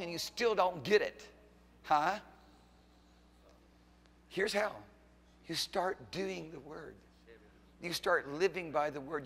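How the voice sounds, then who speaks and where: A middle-aged man preaching a fiery church sermon as pastor, swinging from loud exhortation to quiet asides and teasing questions. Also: on the high side. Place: church sanctuary. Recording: long hall reverb in a church.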